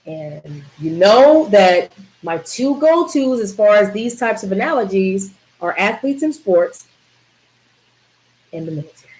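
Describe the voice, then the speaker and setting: A woman's voice: mid-range voice, darkish tone, poor audio. A woman giving a live community talk on wellness, emphatic, repeating key words and asking the audience questions. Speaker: wellness presenter.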